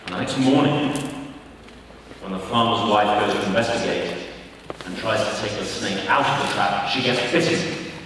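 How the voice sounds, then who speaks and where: A man with a British accent giving a formal public speech as a diplomat, relaxed and anecdotal, with a touch of humour. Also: lowish voice, normal speed. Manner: relaxed, anecdotal, warmly humorous storytelling. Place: large conference hall. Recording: echoey hall, distant mic, background noise.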